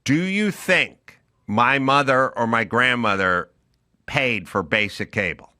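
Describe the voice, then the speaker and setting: A man's voice: medium pitch, slow, bright, forceful tone, no echo, clean studio sound. A middle-aged man co-hosting a podcast, telling stories in an emphatic, ranting way. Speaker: podcast co-host. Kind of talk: casual chat.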